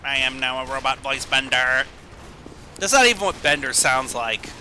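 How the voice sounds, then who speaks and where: A man voicing a boastful male robot in a slow, flat, mechanical way. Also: mid-range voice. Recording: noisy game audio behind.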